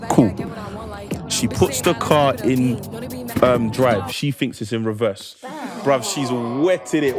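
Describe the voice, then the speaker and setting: A man's voice: a little high, expressive, moderate pace. A young man with a London accent telling a comic story, acting out the voices of the people in it and laughing as he goes. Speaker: panel guest telling a story. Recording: music and laughing crowd behind.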